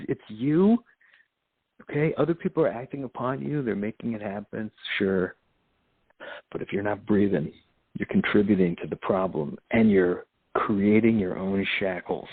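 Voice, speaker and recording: A lowish, husky male voice rambles through a preachy monologue, swearing and laughing as he goes. The sound is thin and phone-like, with no room around it. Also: no room sound. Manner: profane, laughs often, preachy. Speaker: podcast host.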